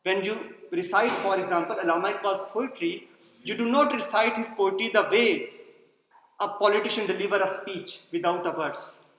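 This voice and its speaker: A man's voice: sits high, moderate pace, a bit bright. A man giving a classroom lecture, explaining patiently, repeating key points and checking whether students follow. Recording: echoey hall, long reverb.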